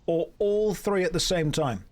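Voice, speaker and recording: A man's voice: fairly high pitch, lively intonation, a little slow, darkish tone. A British man live-streaming a game, chatting casually and joking as he reads out and riffs on viewer messages.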